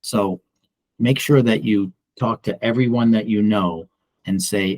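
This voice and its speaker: A middle-aged broker leads a casual training session for agents. He speaks bluntly and with animation, and he acts out the people he quotes. His voice sits somewhat low and comes across dry and close. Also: unhurried, a little mellow, dry recording. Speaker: real estate broker and trainer. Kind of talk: casual office training talk.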